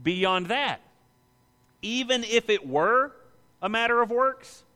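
A bright, forceful male voice preaching a sermon with vivid emphasis, often acting out the people in his passages. His words ring out with a long reverb, as in a large hall. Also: very high-pitched, animated, slow. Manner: preaching with emphatic rises and dramatic quoted voices. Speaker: pastor.

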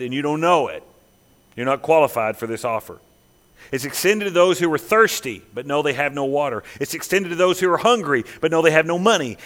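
A man preaching a sermon as pastor, emphatic, dropping to hushed, slow lines and rising again. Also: on the high side. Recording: long reverb of a large hall.

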